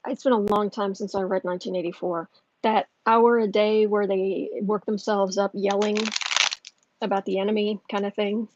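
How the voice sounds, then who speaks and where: A woman's voice: mid-range voice, steady tone, moderate pace, muffled recording, heavy background noise. A woman hosting a livestream tarot reading, heated and ranting, often restarting her sentences. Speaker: tarot reader and channel host.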